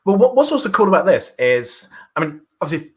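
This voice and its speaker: A man's voice: on the high side, big pitch swings, fairly quick. A British man presenting a workshop, explaining a live coding demo with enthusiasm and frequent restarts. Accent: British English. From Britain.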